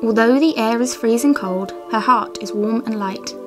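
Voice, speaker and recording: A woman, co-host of a craft and history show, reciting an old poem in a measured way and then narrating its history. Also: fairly high pitch, over music.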